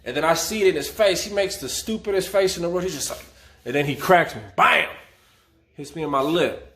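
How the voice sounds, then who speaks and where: A man's voice: fairly high pitch, a little fast, a bit bright. A man from the San Fernando Valley telling a story casually, with vivid street slang. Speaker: channel host telling a prison story.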